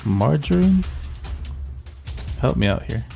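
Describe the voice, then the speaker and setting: A man's voice: medium pitch, sing-song, slow pace, creaky, warm tone, soft background music. A man hosting a comedy video, translating clips in a dry, mock-serious way. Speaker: video host. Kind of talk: comedic commentary.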